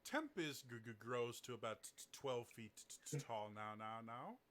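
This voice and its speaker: A man's voice: mid-range voice, lively intonation, normal speed, fairly bright tone. Man, game master, tabletop game narration, heavy stutter on first sounds.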